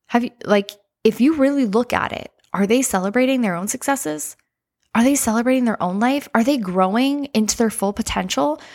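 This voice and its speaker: An energetic woman life coach talks through a casual podcast monologue. She is chatty and direct with her listeners, often saying "like", in a voice of middle pitch. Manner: energetic, chatty, heavy use of "like", speaks straight to listeners.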